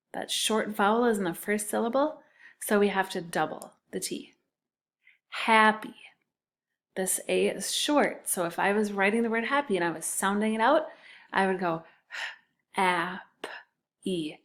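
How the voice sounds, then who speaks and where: A woman of medium pitch teaches second-grade phonics on a recording. She speaks clearly and deliberately, sounding out words syllable by syllable.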